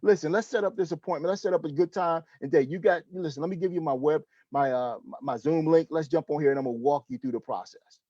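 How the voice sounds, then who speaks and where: A man's voice: on the high side, fast talker, hardly any pauses, warm tone, no room sound, muffled recording. A man giving a sales training talk, coaching emphatically and often checking in with "okay?" and "listen.".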